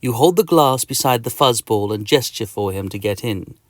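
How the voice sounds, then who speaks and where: A man narrating a children's audiobook in the second person, telling the story in a lively way. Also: medium pitch, moderate pace, dry recording, clean studio sound. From Australia. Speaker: author and narrator.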